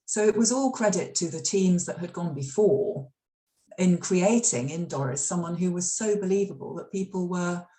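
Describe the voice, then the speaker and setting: Speaking in a fairly low, mellow voice at a moderate pace, a middle-aged UK author, formerly a radio drama scriptwriter, shares stories at a library interview. Her talk is chatty and loaded with fillers and restarts, and the event room is echoey.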